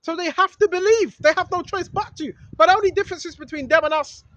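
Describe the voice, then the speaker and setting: Quick and very high-pitched, a street preacher reads scripture and repeats his message with escalating emphasis that turns into shouting. There's no room sound, though the lo-fi recording is dull with faint noise.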